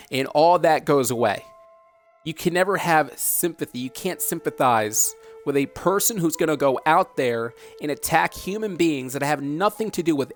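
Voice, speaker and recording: A man hosting a dramatic commentary vlog, talking emphatically, repeating himself and asking rhetorical questions. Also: on the high side. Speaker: host.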